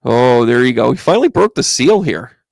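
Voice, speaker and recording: In a sing-song, slightly fast delivery, a psychic medium chats through tarot cards on a live stream, greeting viewers by name. His middle-pitched voice carries a gravelly, creaky edge, captured close and dry without echo.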